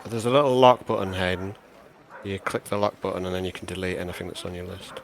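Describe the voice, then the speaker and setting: A man's voice: deep voice, flat delivery, fast, vocal fry. A man playing a tabletop game, helpful and organised, explaining things to others. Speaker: player.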